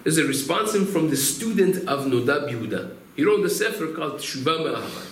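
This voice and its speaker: A man's voice: fairly high pitch, sing-song, brisk. A man, a rabbi, teaching a Torah class through storytelling, acting out quotes and explaining Hebrew terms. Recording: roomy room echo, faint ambience.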